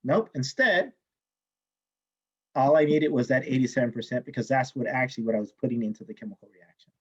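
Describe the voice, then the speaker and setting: A man teaching a chemistry class, telling a story in an animated way, swearing freely and acting out the people he quotes. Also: medium pitch, a little fast, breathy edge. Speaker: chemistry instructor. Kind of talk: lecture with personal story. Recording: dull lo-fi classroom recording.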